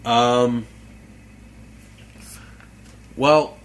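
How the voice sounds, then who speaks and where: A young man co-hosting a casual podcast, telling a story in a halting, rambling way. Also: medium pitch, steady tone, a little hiss or hum. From United States. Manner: rambling, halting, restarts a lot. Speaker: podcast co-host. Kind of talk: casual chat.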